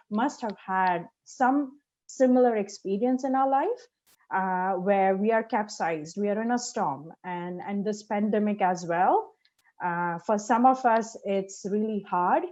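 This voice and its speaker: A woman giving a devotional talk at a church fellowship seminar, pausing often with ums and uhs. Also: medium pitch, darkish tone. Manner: slow and hesitant, many ums and uhs. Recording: dull lo-fi sound.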